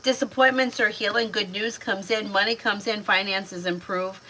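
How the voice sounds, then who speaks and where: A woman's voice: medium pitch, fairly even intonation, moderate pace, bright, forceful tone, slight background noise, poor audio. A woman in her thirties giving chatty, casual tarot readings on a livestream, laughing often as she talks. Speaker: tarot reader.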